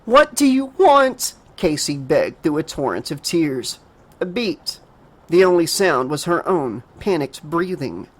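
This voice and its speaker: A man narrating a horror audiobook dramatically, raising his pitch for a frightened girl's lines. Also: animated, measured pace, husky. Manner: emotive reading, voices the girl in a higher pitch.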